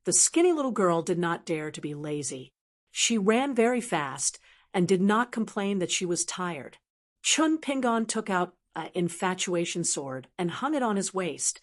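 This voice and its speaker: Female audiobook narrator, steady and measured. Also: medium pitch.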